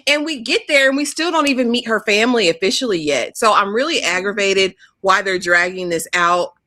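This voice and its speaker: A woman's voice: medium pitch, fairly quick, bright, forceful tone, no room sound, studio quality. A woman co-hosting a reality TV review show in casual chat, blunt and scornful as she mocks the cast.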